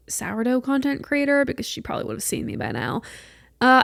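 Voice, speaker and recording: A woman in her late twenties hosting a solo podcast, chatting in an animated way and swearing casually. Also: medium pitch, brisk, gravelly, dry recording, clean studio sound. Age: late 20s. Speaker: podcast host.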